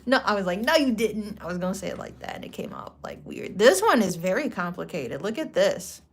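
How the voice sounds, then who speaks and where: A woman's voice: fairly low pitch, a little fast, gravelly. A woman hosting a casual craft vlog, chatting in a loose, rambling way and correcting herself mid-sentence. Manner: relaxed slang-filled talk. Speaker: craft vlogger. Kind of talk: casual chatty product walkthrough.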